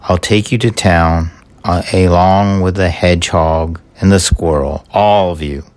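A man voicing a greedy young male hare who plays at being a highwayman, in a storybook reading. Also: fairly even intonation, a little mellow. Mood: grumbling. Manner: slow, deep, grumbling demands.

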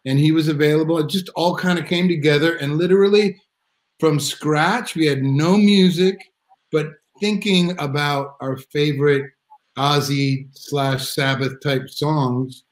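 A man's voice: a little high, fairly even intonation, unhurried, poor audio. A middle-aged man telling a story in a casual live video chat, rambling with restarts and acting out quotes. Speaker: drummer guest. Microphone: video call.

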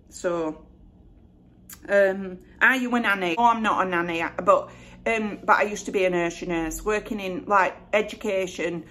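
A middle-aged woman from Bradford with a West Yorkshire accent, chatting casually and rambling through a Q&A vlog. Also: mid-range voice. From Bradford, England. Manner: chatty, rambling, self-correcting. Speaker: vlogger. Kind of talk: casual Q&A chat.

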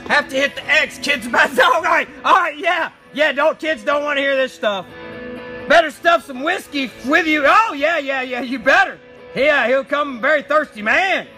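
Very high, bright shouting male streamer. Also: moderate pace, low-quality recording. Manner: loud shouting, crude and jokey, often roaring. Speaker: live stream host reading chat. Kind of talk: ranting live stream chat. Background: faint music playing.

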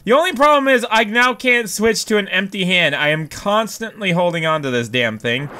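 A young man giving casual gameplay commentary, excitable, yelping, cheering and swearing at the game as he plays. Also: high voice, normal speed, a little hiss or hum. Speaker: let's play gamer.

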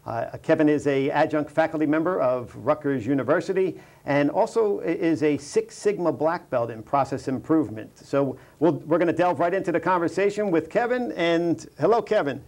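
A man's voice: on the high side, moderate pace, hardly any pauses, darkish tone. A man hosting a TV career show, chatting casually with a guest, with many fillers and restarts. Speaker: TV show host. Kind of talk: casual interview chat.

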